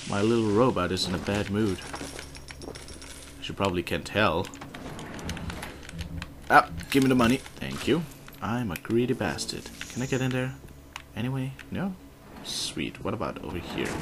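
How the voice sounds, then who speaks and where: A man's voice: lowish voice, background noise. A man commenting casually while playing a video game, politely addressing game characters and muttering curses. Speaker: gamer. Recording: loud keyboard typing behind.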